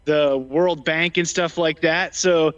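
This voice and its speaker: A man's voice: on the high side, fairly even intonation, slow, fairly bright tone, clean tone. Man, casual debate, slightly out of breath, hesitant, lots of ums, muffled lo-fi audio. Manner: hesitant, many ums and restarts. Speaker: debate guest. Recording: dull lo-fi sound.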